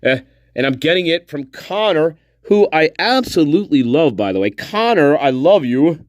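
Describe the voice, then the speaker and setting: A man's voice: on the high side, very animated, normal speed, dry recording, clean studio sound. A man hosting a livestream, giving casual reaction commentary with jokes, swearing and frequent laughs. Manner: profane, joking, laughs often. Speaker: livestream host.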